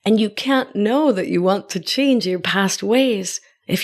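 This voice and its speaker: A woman from Argentina whose first language is Spanish, hosting a reflective wellness podcast in a gentle, unhurried way and sometimes dropping to a whisper for emphasis. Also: medium pitch. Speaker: podcast host and life coach.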